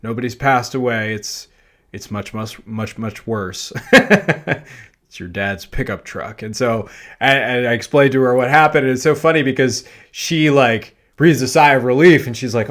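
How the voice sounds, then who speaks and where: A man hosting a podcast, telling a personal anecdote in a loose, animated way, full of fillers and self-deprecating laughter. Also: mid-range voice, normal speed. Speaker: podcast host. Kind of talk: storytelling monologue.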